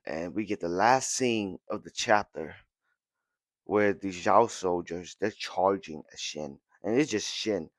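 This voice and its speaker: A man hosting a podcast who recaps a comic chapter with excitement, repeating words and acting out lines. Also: sits low, measured pace, dry recording. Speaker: podcast host.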